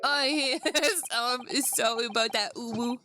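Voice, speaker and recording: A woman's voice: fairly high pitch, measured pace, sharp tone. A woman voicing a drowsy, eager young male police constable in a courtroom game, over background music.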